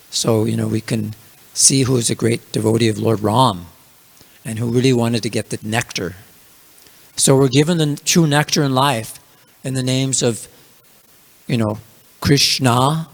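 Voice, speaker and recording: Gravelly man giving a casual scripture class. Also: mid-range voice. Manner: casual, filler-heavy storytelling. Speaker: religious class speaker.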